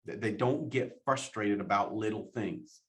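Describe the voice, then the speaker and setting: A man giving a motivational talk, animated, laughing often and repeating his questions for emphasis. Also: on the low side, unhurried. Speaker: motivational speaker.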